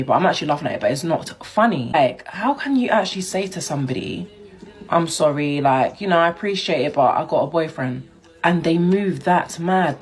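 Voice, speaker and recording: A young woman telling a personal story in a chatty, indignant way, laughing as she goes. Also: deep voice. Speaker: vlogger. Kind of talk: casual storytime.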